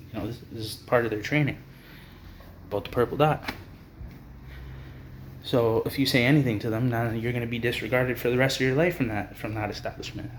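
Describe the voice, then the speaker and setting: A man's voice: medium pitch, slight background noise. A young man from Canada ranting angrily to the camera, swearing a lot, repeating himself and trailing off. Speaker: vlogger. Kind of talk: angry rant to camera.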